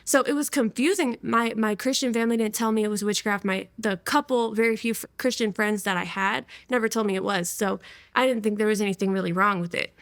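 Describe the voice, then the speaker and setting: A woman's voice: mid-range voice, steady tone, brisk, no echo. A woman in her twenties telling her personal testimony to an interviewer in a casual, slangy way, often breaking into laughter. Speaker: interview guest.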